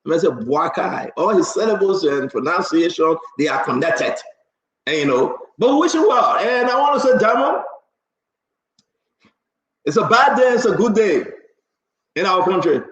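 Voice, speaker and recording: High-voiced Liberian man, emphatic talk. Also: big pitch swings, normal speed, pauses often, fairly bright tone, roomy sound, muffled recording. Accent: Liberian English. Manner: emphatic, laughing, rhetorical questions. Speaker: co-host. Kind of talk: casual radio talk show banter.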